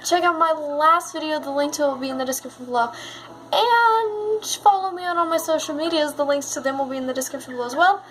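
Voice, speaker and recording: A woman YouTuber telling stories in a casual vlog, chatty and excitable. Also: sits high, quick pace, a little hiss or hum, poor audio.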